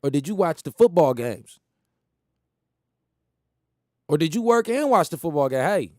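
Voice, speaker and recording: A man's voice: a little high, darkish tone, dry recording, clean studio sound. Emphatic man riffing on talk radio. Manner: rambling, emphatic, repeats phrases, laughs at his own jokes. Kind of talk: casual monologue.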